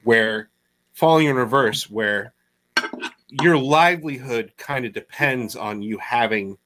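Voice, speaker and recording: A man's voice: mid-range voice, slow pace, background noise. A man, a musician, chatting casually and rambling a little through his stories. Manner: rambling, with fillers and restarts. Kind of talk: casual chat.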